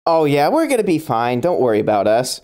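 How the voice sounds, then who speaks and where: A man's voice: medium pitch, huge pitch swings, brisk, a little mellow. A man voicing a cheery young female cave raider, bubbly and friendly.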